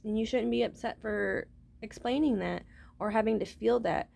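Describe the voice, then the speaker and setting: A woman's voice: fairly high pitch, moderate pace, creaky, darkish tone. A woman talking to her viewers in a rambling, casual vlog monologue, swearing freely and often starting with "listen". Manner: rambling, profane, keeps saying "listen". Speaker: vlogger.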